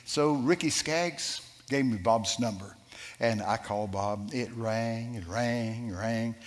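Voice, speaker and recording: A man's voice: mid-range voice, takes it slowly. Man preaching a story in a big reverberant hall. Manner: animated, shouting quoted lines. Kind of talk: sermon storytelling.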